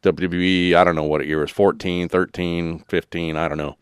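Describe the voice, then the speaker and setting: Deep-voiced, rambling podcast host man. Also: little pitch movement, moderate pace, clean tone, no echo, studio quality. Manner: rambling, loose, peppered with fillers. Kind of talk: casual chat.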